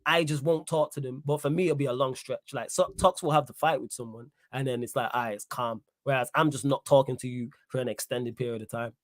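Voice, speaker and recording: A man hosting a casual podcast chat, teasing his co-host and getting loud and high-pitched when he is worked up. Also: quick pace, hardly any pauses, dry recording, clean studio sound. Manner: animated, teasing, rises sharply in pitch when excited.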